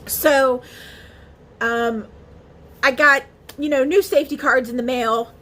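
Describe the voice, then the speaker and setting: A woman's voice: high-pitched, fairly even intonation, takes it slowly, fairly bright tone. A woman vlogger talking casually to camera in a chatty, emotional way, with many fillers and restarts. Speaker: beauty vlogger.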